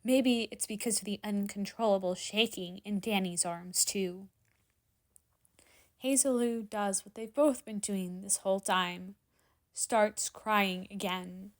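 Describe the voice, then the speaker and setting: A woman reading fan fiction aloud in dramatic story narration, expressive and sometimes dropping to a hushed whisper. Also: medium pitch, slow pace. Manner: expressive, drops to hushed whispers in tense moments. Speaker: fanfiction reader.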